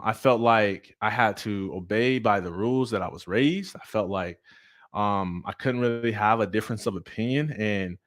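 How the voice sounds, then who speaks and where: A middle-aged man hosting a motivational talk, speaking with energy and preaching to his viewers. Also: fairly low pitch. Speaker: host.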